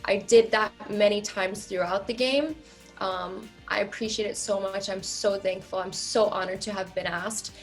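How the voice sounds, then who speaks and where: A woman's voice: mid-range voice, fairly even intonation, moderate pace, faint music behind. Candid woman in her thirties, emphatic. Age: 30s. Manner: candid, emphatic, many "um" fillers. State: emotional, near tears. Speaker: reality show contestant. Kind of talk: interview answers.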